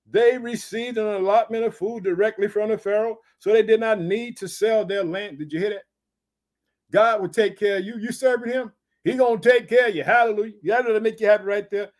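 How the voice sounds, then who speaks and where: High-voiced emphatic preacher man. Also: moderate pace. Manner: emphatic, repeats "did you hear that?". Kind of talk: sermon with Bible reading.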